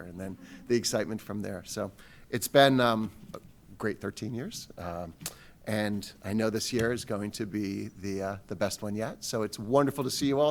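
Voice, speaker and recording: A man's voice: fairly low pitch, creaky, slight background noise. Rambling male superintendent addressing parents. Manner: rambling, self-deprecating. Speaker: school superintendent. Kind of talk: welcome speech to parents.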